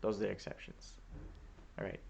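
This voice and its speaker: A man's voice: brisk, darkish tone, a little hiss or hum. A man casually telling a story about his volunteer days to a vlog audience, chatty and easygoing with plenty of fillers. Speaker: returned Peace Corps volunteer.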